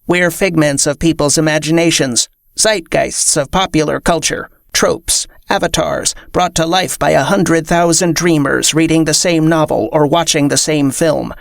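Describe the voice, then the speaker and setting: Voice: mid-range voice, normal speed, gravelly, few pauses, no room sound, clean studio sound, natural voice. A reader voicing a sardonic robot card player who lectures dryly.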